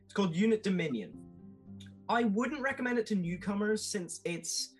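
A man talking enthusiastically as a podcast guest, with quick asides and laughs. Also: sits high, animated, soft background music, rough recording. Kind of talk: casual podcast chat.

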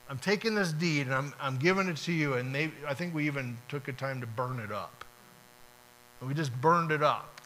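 A man's voice: a little high, bright, forceful tone, a little hiss or hum, rough recording. A man preaching a sermon, talking casually and acting out short prayers and dialogues. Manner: conversational, acts out little prayers and dialogues. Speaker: pastor.

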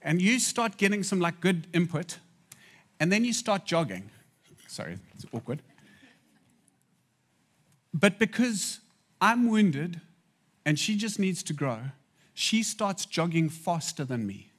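A man's voice: high voice, lively intonation, unhurried. A man preaching a sermon in a conversational way, making asides to the audience.

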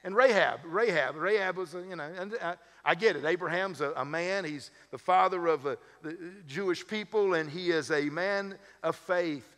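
A man's voice: high voice, normal speed, hardly any pauses, a bit bright. A man serving as lead pastor, preaching a sermon in a conversational way with humorous asides. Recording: long hall reverb.

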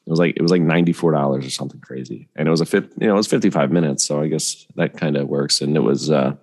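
A man's voice: a bass voice, racing, darkish tone, big-room sound. A man casually telling a long, rambling travel story as a podcast host, full of fillers and asides.

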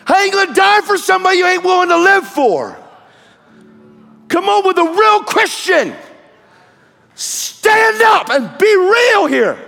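A man preaching a fiery sermon, shouting and telling stories with acted-out quotes, in a large hall with an audience. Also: very high voice, big pitch swings, unhurried, creaky, long pauses.

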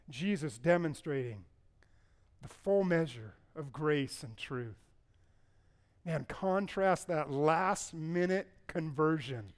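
A man preaching a sermon as pastor, telling the stories in an animated way and acting out the people in them. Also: on the high side, a little slow, long pauses. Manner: animated storytelling, acting out the people in the story with a raised voice.

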